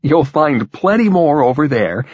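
A man voicing a busy, cheerful male party host who greets guests in a hurried, offhand way. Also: a little high, sing-song, darkish tone, breathy edge, no room sound, lo-fi sound, voice pushed up, heavily acted. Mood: breezy.

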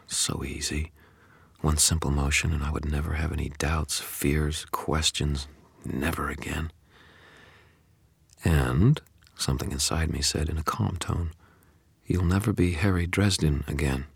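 Male audiobook narrator with a very deep voice, intense and brooding, close and dry sound. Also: creaky, slightly rough, no room sound. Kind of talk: first-person audiobook narration.

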